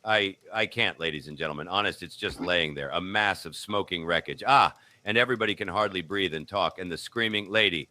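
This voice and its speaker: A man's voice: low-pitched, a little fast, hardly any pauses, bright, forceful tone, slight background noise. A man playing a frantic male radio reporter describing an airship disaster, breathless and overwhelmed. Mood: distraught. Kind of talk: 1930s radio news reenactment.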